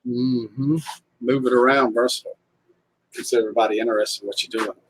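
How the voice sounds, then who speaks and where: Husky easygoing man chatting on a stream. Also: medium pitch, steady tone, brisk, dry recording, low-quality recording. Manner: easygoing, reads viewer comments aloud. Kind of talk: casual live chat.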